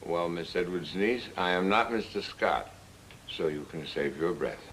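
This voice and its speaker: An actor playing a weary married prosecutor who is drunk, talking in a wry, sarcastic 1940s film style. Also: male voice, low-pitched, unhurried, fairly bright tone, slight background noise, poor audio. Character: weary married male prosecutor, sardonic flirt. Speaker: assistant district attorney.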